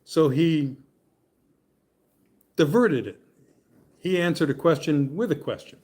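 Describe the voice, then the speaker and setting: A man's voice: on the high side, slow pace, darkish tone, breathy edge. A man leading a Bible study class, reading scripture aloud and explaining it in a chatty, joking way. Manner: chatty and joking, often laughing and checking in with "okay?".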